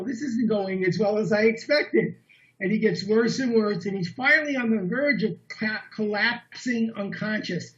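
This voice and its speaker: A man giving a talk as guest speaker, telling a story in an earnest, animated way over dull lo-fi online meeting audio. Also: high voice.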